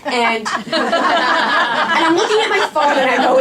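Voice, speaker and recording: A woman's voice: high voice, very animated, normal speed, background noise. A young woman telling a true personal story on stage in a chatty, self-mocking way. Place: small performing arts studio stage. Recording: echoey room from far off.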